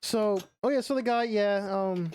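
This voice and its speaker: At a measured pace, a young male streamer with a high, smooth, darkish-toned voice chats casually about his game, rambling and relying on fillers such as "like" and "you know."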